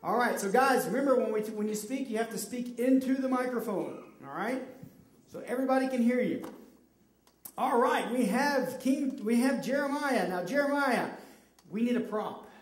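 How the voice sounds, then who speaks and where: Lively children's ministry leader in roomy hall. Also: mid-range voice, normal speed. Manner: lively, cheering, coaching kids line by line. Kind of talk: leading a children's Bible skit. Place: church children's room. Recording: roomy hall sound, mic at a distance.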